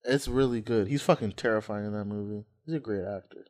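Laid-back young man telling animated stories. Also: lowish voice, fairly quick. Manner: laughs easily, animated storyteller, crude slang. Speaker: podcast host. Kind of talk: casual chat.

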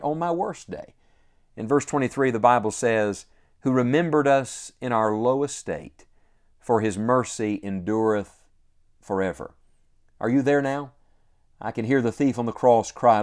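This preacher's medium-pitched, darkish voice carries an earnest devotional sermon. Key phrases come back again and again with emphasis, their last words slowly drawn out.

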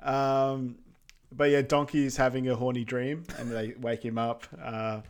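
A young man co-hosting a podcast, recapping a film in relaxed chat with short agreeing replies and chuckles. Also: medium pitch, measured pace, clean tone. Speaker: podcast co-host.

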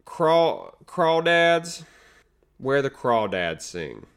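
A man, co-hosting a casual chat about movie trailers with animated, mock-outraged ranting. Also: medium pitch, drawn-out words, creaky, clean tone. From American South. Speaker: podcast co-host.

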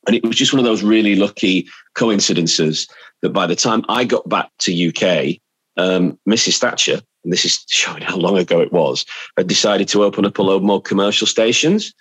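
A middle-aged English man, a radio presenter, chatting as a podcast guest and telling lively stories from his career. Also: sits low, moderate pace, breathy edge, no echo, rough recording. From England. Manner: chatty storyteller, animated anecdotes. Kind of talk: casual chat.

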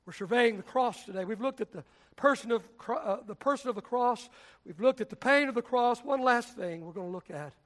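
A pastor preaching a sermon in a church, with a dramatic, repetitive cadence that swings from shouting to hushed whispers. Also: male voice, very high voice, a little fast. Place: church sanctuary.

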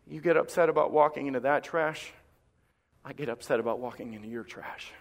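A male pastor preaching a sermon in a church, impassioned and emphatic with dramatic pauses. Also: medium pitch. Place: church sanctuary. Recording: long reverb of a church hall.

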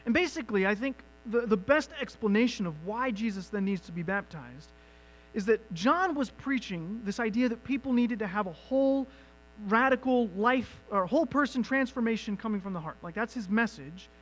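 A man preaching a sermon as pastor, moving from quiet reflection to loud, emphatic questions. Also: high-pitched, lively intonation, moderate pace, poor audio.

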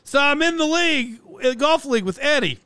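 High-voiced man in his forties rambling. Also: lively intonation, a little fast, pushed and bright, dry recording. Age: 40s. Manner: self-deprecating, chatty, many fillers and restarts. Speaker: podcast host. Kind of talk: casual rambling monologue.

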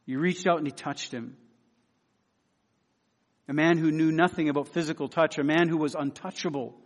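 A preacher gives an earnest sermon in a man's voice that sits slightly high, repeating phrases for emphasis and dropping into hushed, pleading tones. His tone stays steady at a normal speed with long pauses, and a long reverb trails every phrase.

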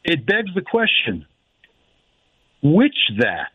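Halting male caller on a tinny phone line. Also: a little high, wildly swooping pitch, a bit bright, slightly rough. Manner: halting, reflective, slows to stress quoted phrases. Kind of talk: phone-in call.

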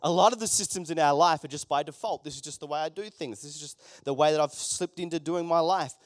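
A man's voice: fairly high pitch, quick pace, dry recording, studio quality. A man preaching a conversational sermon, with joking asides to the congregation in a church. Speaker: pastor.

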